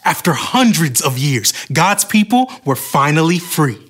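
Brief: male storyteller for a kids' church show, slightly high voice, lively pitch. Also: measured pace. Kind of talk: scripted Bible story narration for kids.

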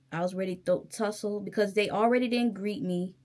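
A woman's voice: on the low side, fairly quick, darkish tone, slight background noise. A young woman with a Virginia accent vents to camera in a casual vlog. She tells her story with heated emphasis, talking straight to her viewers. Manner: heated, emphatic, addresses viewers directly as y'all. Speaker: vlogger.

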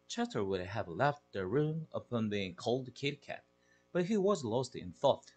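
A man with a Korean accent, an English teacher, expressively reading a children's novel aloud in a deliberate storytelling manner. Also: medium pitch, big pitch swings, a little mellow, husky.

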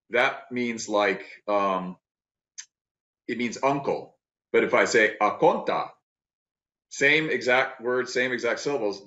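A man giving an academic talk over a video call, thoughtful and halting, with many restarts and fillers. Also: medium pitch, fairly bright tone. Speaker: guest lecturer. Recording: roomy, dull video-call audio.

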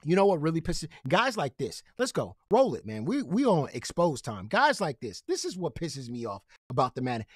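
A man's voice: a little high, huge pitch swings, moderate pace, breathy edge, no echo, studio quality. A man hosting a gaming commentary channel, ranting in a profane, confrontational way and repeating himself when heated.

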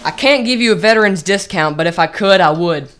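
A woman chatting casually with viewers on a drumming livestream, excitable, with sudden loud shouts and rambling restarts. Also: lowish voice, brisk, loud music behind the voice.

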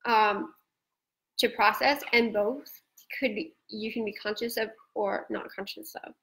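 A woman from Australia hosting a live-stream conversation, explaining ideas in a relaxed chatty way over a video call. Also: mid-range voice, a little slow, poor audio. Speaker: host.

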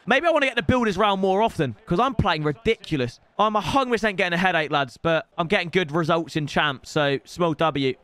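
A young man streaming a football video game, chatting to the lads in cheeky banter and breaking into loud outbursts. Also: high voice, fairly quick, hardly any pauses, smooth, no echo. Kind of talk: gaming stream commentary. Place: home room with builders' noise outside. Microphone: headset.

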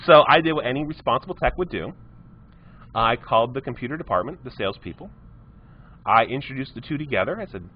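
A man's voice: medium pitch, very animated, fairly quick. A man, a technology teacher giving a live classroom lecture with chatty storytelling asides to his students. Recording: muffled lo-fi classroom stream.

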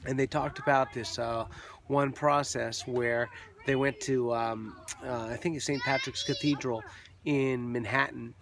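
A man's voice: mid-range voice, fairly even intonation, measured pace. A man giving casual, upbeat motivational vlog talk as a network marketing coach, loose and chatty with fillers, outdoors on a beach. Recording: outdoor beach crowd noise behind.

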